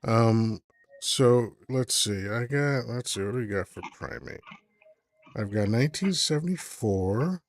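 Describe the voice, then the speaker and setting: A man's voice: medium pitch, lively intonation, unhurried. A man hosting a live call-in stream, chatting casually and rambling as he thinks aloud with lots of fillers. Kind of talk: casual chat.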